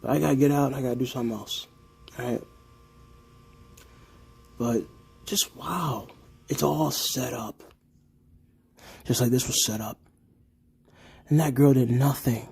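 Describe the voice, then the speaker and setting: Emphatic man ranting, dark husky voice. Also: mid-range voice, measured pace, long pauses. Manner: repetitive, emphatic, keeps asking "right?" and "okay?". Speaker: vlogger. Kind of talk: casual commentary rant.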